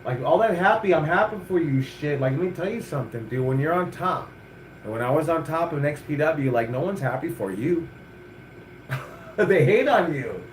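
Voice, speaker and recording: A man's voice: fairly high pitch, animated, moderate pace, roomy sound, a little hiss or hum. A middle-aged man, a wrestling coach hosting a chat show, talking bluntly and profanely with lots of energy. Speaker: wrestling coach and podcast host. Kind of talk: casual chat.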